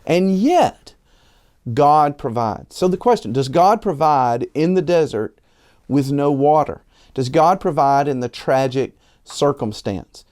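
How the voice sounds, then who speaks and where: A pastor preaching a conversational sermon, often restarting his phrases and asking rhetorical questions, slowing down and lifting his voice to drive key points home. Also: a little mellow. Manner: slows and rises in pitch for emphasis.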